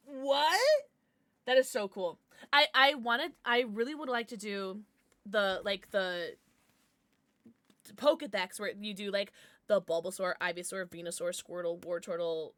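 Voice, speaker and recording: A woman streamer chatting casually on a livestream, bubbly and excitable, swearing now and then. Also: medium pitch, no room sound.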